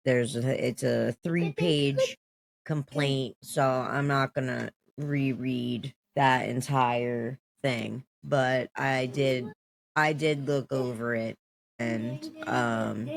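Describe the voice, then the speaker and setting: Commentary host, slow talker, rambling, casual. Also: mid-range voice, vocal fry. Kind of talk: commentary vlog.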